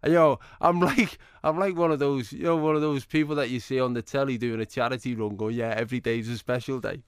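A man, a comedian telling jokey, animated stories as an interview guest. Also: mid-range voice, quick pace, hardly any pauses, clear, resonant tone, dry recording, studio quality. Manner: jokey, animated anecdotes with acted-out quotes. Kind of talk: casual storytelling interview.

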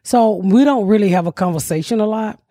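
A woman, telling stories in a brash, profane, animated way. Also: medium pitch, brisk, dry recording, clean studio sound. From United States. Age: older. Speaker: podcast host. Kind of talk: casual comedic storytelling.

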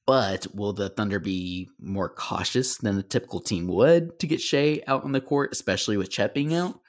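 A man's voice: on the low side, lively intonation, normal speed. A man co-hosting a podcast, talking casually and hesitantly, with lots of fillers. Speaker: podcast co-host. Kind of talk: casual sports chat.

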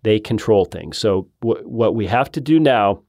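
A man's voice: fairly low pitch, animated, a little slow, a little mellow, no echo. A male guest in casual political talk. He makes his points in short, emphatic bursts and often restarts his sentences. The recording is dry and close.

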